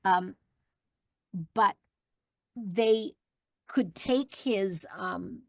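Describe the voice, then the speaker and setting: A middle-aged woman, a guest voice actress, chatting in an interview and telling lively stories with plenty of fillers. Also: medium pitch, extremely slow, gravelly, no room sound, studio quality. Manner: warm, animated storytelling with fillers. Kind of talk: casual interview chat.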